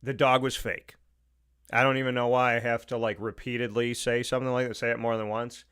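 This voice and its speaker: A man's voice: medium pitch, level tone, a little fast, fairly bright tone, smooth. A man hosting a talk show with an Upstate New York accent, delivering an opinionated monologue, emphatic and repeating his points. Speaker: radio show host.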